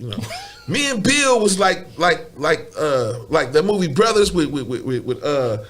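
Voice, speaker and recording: A man's voice: on the high side, very animated, moderate pace, fairly bright tone. A man who is a guest on a podcast, telling a story in casual, profane slang, stumbling over repeated words and laughing often.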